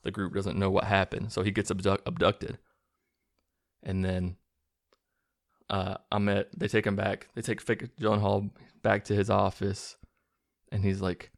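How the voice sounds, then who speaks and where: A man casually recapping a movie plot with a sarcastic edge, acting out the characters' lines in quick bursts. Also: fairly low pitch, monotone, vocal fry, no echo, clean studio sound. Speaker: movie reviewer recapping a film.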